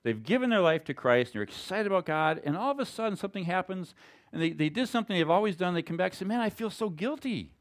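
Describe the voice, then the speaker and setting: A man's voice: high voice, expressive, fast talker. A male pastor giving a conversational, emphatic sermon.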